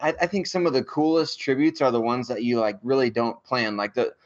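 A man who covers the team, talking on a sports podcast in casual chat, halting and full of filler words. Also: mid-range voice, highs cut off. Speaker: podcast guest and team reporter.

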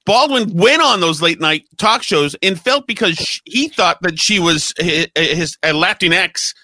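Bright, high-voiced co-host. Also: male voice, animated, a little slow, no room sound. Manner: scornful, storytelling. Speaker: talk show co-host. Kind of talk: political talk radio banter.

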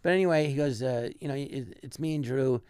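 A man's voice: medium pitch, brisk, a little mellow, clear, resonant tone, no echo. A man telling a rambling comic anecdote as a guest, with frequent restarts. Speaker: guest comedian. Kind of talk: casual storytelling.

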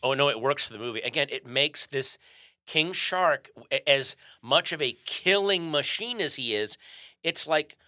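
A man's voice: mid-range voice, lively intonation, pushed and bright, no room sound, studio quality. A man hosting an interview, asking questions with enthusiasm and getting emotional about scenes. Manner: enthusiastic, emotional, quick to laugh. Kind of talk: casual interview.

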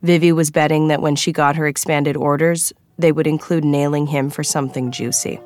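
A woman narrating an audiobook in an even, measured storytelling manner. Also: low-pitched.

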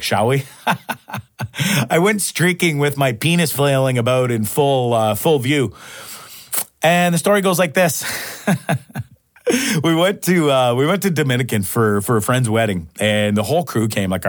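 A man's voice: mid-range voice, no echo, studio quality. A man hosting his own podcast, telling a story in a rambling way and swearing casually. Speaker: podcast host.

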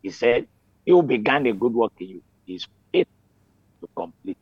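A man's voice: medium pitch, lively intonation, moderate pace, no room sound. Earnest man on a dull line. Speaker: group member. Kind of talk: devotional reflection.

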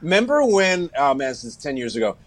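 A man who is a guest on a sports podcast, telling lively stories and mimicking people as he chats. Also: on the high side, a little fast. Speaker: guest, TV morning show co-host. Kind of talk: casual sports talk.

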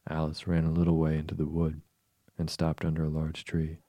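Deep-voiced man reading a bedtime story. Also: monotone, brisk, mellow, dry recording.

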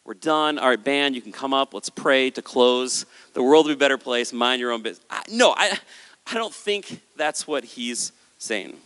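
A man preaching a sermon on stage with a handheld microphone, animated and acting out the voices of listeners and Jesus. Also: medium pitch, moderate pace, smooth. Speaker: pastor. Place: large hall with a stage. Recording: hall with long reverb.

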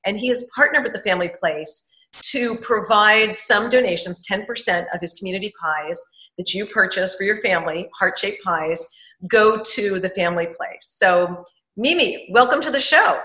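Bright-voiced chatty woman host. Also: mid-range voice, moderate pace, roomy sound, low-quality recording. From Upper East Side, Manhattan. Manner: chatty, laughs often, enthusiastic. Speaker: show co-host. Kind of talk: casual interview chat.

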